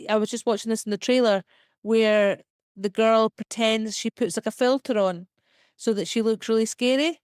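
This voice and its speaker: A young woman with a Scottish accent, a comedian talking chattily as a podcast guest, full of "like" and quick laughs. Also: fairly high pitch, fairly even intonation, no room sound, clean studio sound. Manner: chatty, filler-heavy, quick self-deprecating laughs. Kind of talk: casual podcast interview.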